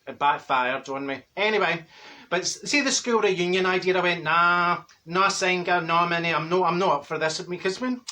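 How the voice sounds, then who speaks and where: A man's voice: sits high, normal speed, pushed and bright. A man playing a chatty older Glaswegian woman in a comic monologue, rambling and gossipy with blunt asides and mixed-up words, in a Glaswegian Scottish accent. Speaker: comic character.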